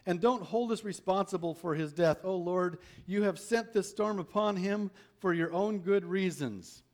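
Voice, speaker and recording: A man's voice: high-pitched, unhurried. A man preaching a sermon, reading a Bible story aloud and asking his listeners rhetorical questions.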